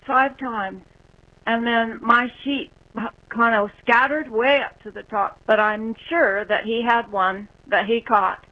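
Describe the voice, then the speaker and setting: A woman calling in to a radio show, telling a story slowly with halting pauses. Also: on the high side, fairly even intonation. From Utah, US. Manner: slow, halting, with fillers. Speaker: caller. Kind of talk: telling a story on a call-in line. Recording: phone line.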